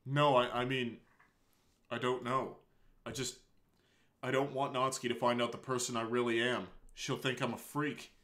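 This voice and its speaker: A man voicing a shy, anguished teenage girl in a tearful, halting confession while reading a visual novel aloud. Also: medium pitch, level tone, fairly bright tone, lightly acted.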